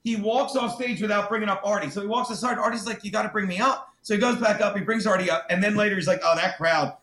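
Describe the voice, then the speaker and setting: A man's voice: high-pitched, fast talker. A man telling a story as a comedian guest on a podcast. He swears a lot and acts out other people in quotes. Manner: profane, animated, mimics others in quotes. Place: podcast studio. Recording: roomy echo.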